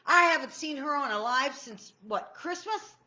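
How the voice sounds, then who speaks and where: Excitable woman coach, bright tense voice, swoops high and low, lively stream host. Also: normal speed. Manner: bubbly, excitable, chats to viewers by name. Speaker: tapping coach. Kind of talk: live-stream Q&A teaching.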